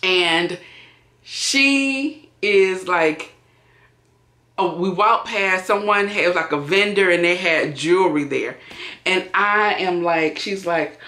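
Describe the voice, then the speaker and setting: Woman vlogger chatting a story while wrapping presents, bright voice, roomy echo. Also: lowish voice, slow pace. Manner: animated, acts out quotes. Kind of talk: casual storytime.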